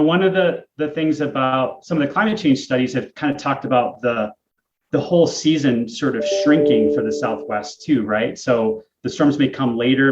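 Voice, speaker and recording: A man's voice: mid-range voice, a little hiss or hum. Man explaining climate in echoey room. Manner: thinks aloud, explains with many fillers and restarts. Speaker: podcast co-host, climate expert. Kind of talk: casual explanatory conversation. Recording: echoey, dull lo-fi remote audio.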